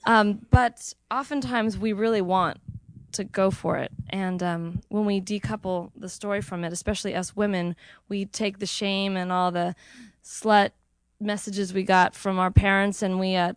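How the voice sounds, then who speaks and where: Slow-talking woman hosting a live event. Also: medium pitch, fairly even intonation, smooth, no echo. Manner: chatty, frequent fillers and laughs. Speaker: event host. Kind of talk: casual hosting chat.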